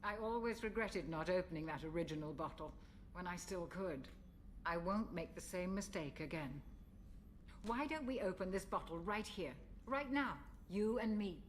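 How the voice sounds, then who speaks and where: An actress playing a kind, wistful older woman ship's doctor in a game, speaking gently. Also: on the low side, expressive, a little hiss or hum, lightly acted. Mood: fond. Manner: gentle, unhurried.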